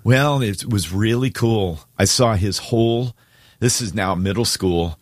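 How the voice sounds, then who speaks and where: A man's voice: fairly low pitch, unhurried, dry recording, clean studio sound. A man on a morning talk show, telling a heartfelt story in casual chat and choking up with tears as he goes. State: tearful. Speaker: radio show co-host.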